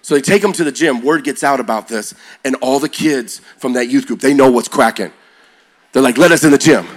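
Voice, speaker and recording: A man preaching to young people, telling stories with rising energy and shifting to a slow, quiet prayer. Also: mid-range voice. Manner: energetic, builds to loud excited peaks; slow and quiet when praying. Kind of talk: sermon storytelling.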